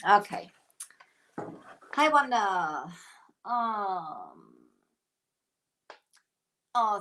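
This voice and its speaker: A woman who owns a craft shop, hosting a casual live stream. She talks while she works and thanks her viewers by name. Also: mid-range voice. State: out of breath.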